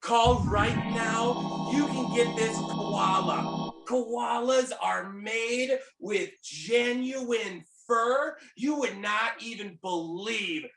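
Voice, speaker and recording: Man as a pushy infomercial salesman, slow bright voice, echoey room. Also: very high-pitched, faint music behind, exaggerated voice. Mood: salesy. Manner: hard-selling, shouty. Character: pushy male infomercial pitchman. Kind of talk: improv comedy.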